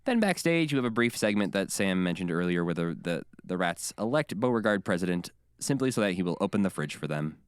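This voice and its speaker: Lively smooth-voiced man podcast host. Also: deep voice, a little fast, hardly any pauses, dry recording. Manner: animated, quotes others in bursts. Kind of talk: casual chat.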